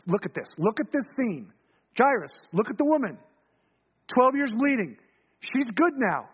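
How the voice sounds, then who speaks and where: A man with a high, husky voice preaches a storytelling sermon and acts out the voices in the story. He surges fast and loud, then drops low and hushed. The sound is dull and lo-fi. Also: sing-song.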